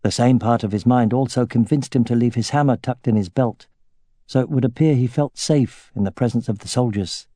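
A man narrating a fantasy audiobook in a measured, steady way. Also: mid-range voice, no room sound, studio quality.

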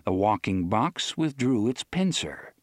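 A man narrating an audiobook in a measured storytelling manner. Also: on the low side, sing-song, no echo, clean studio sound. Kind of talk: scripted narration.

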